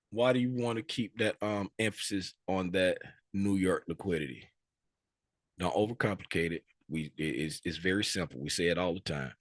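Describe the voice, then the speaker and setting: A man's voice: deep voice, dry recording. A man teaching a live class, quizzing students and repeating key points with frequent tag questions. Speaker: trading instructor.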